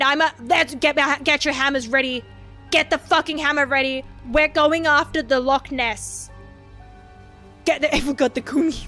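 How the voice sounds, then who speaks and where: A high, bright-voiced woman reads spooky stories on her stream. She giggles and swears between lines and chats with her viewers. Faint music plays underneath. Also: normal speed. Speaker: vtuber streamer. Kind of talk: casual reading of horror stories on a stream.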